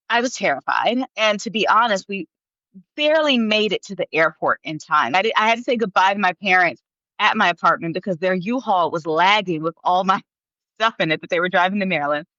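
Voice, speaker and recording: A woman in her thirties, a podcast guest, telling her story in an animated way, laughing often and acting out what people said. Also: lowish voice, brisk, no echo, dull audio. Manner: animated, laughs often, acts out quoted voices. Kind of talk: storytelling in an interview.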